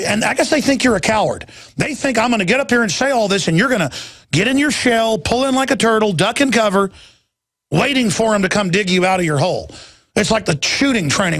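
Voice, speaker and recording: High-pitched ranting male radio host. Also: a bit bright, dry recording. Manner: ranting, indignant, emphatic. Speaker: radio talk show host. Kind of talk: heated broadcast monologue.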